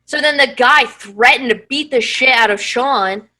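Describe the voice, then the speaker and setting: A young woman with a bright, forceful voice pitched a little high tells a story in casual podcast chat. She is animated and swears freely as she acts out who said what. It sounds like a video call mic. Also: moderate pace, rough recording. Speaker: podcast co-host.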